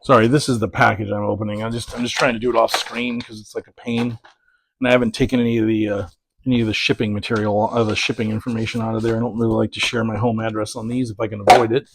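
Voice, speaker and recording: A man's voice: fairly low pitch, level tone, fast talker, heavy background noise. A man talking casually about prints as he opens packages, rambling and correcting himself with many fillers. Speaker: print collector vlogger. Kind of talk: casual package-opening chat.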